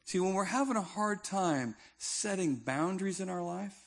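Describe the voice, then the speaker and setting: A man preaches in a relaxed, conversational way, landing his points with emphasis and some humor. His voice sits a little higher than most men's. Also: moderate pace, creaky. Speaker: pastor. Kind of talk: sermon.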